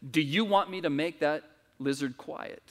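A man's voice: a little high, normal speed, natural voice. A man voicing a firm, matter-of-fact angel in a preached story. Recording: reverberant church hall.

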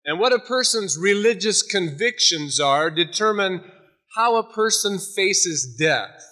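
A man preaching a sermon in a bright, forceful voice pitched a little high. He moves from a light story into earnest exhortation. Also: animated, a little slow. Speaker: pastor.

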